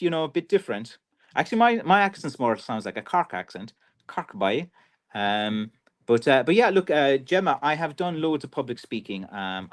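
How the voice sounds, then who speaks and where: A man with a Kerry Irish accent hosting a live stream, chatting casually and reading out viewer comments with rambling restarts and lots of fillers. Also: medium pitch. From Ireland.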